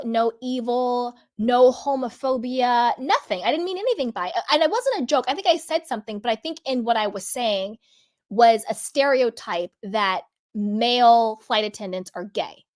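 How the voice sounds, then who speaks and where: A woman hosting a reality TV commentary vlog, speaking earnestly and candidly and stretching out the words she wants to stress. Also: fairly high pitch. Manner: candid, personal storytelling. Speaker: vlog host.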